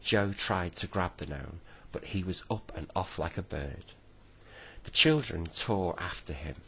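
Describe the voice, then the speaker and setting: A man reading a bedtime story aloud gently, now and then correcting himself. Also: low voice, measured pace, creaky, slight background noise, low-quality recording.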